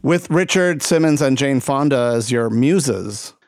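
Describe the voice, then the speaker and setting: A man's voice: medium pitch, expressive, a little slow, dry recording, studio quality. A man hosting a podcast, asking questions and teasing his guest in casual chat. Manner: joking, teasing interviewer. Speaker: podcast host.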